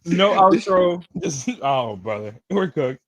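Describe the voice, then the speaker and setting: A man's voice: on the high side, big pitch swings, takes it slowly, highs cut off, over a noisy crowd. A man co-hosting a wrestling review podcast, teasing and laughing in casual banter. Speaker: podcast co-host.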